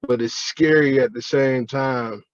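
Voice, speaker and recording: A man with a Cleveland accent, a guest on an interview show, talking in a halting way with many repeated words, heard over a breaking-up remote call. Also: medium pitch, steady tone, no room sound, dull audio. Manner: halting, repeats words, says he is not a talker. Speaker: guest, co-founder.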